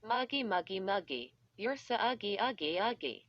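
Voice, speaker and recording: A woman's voice: medium pitch, big pitch swings, moderate pace, dry recording. A woman's voice, likely synthetic, reading a bratty little girl who taunts in a sing-song. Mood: taunting. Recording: dull lo-fi.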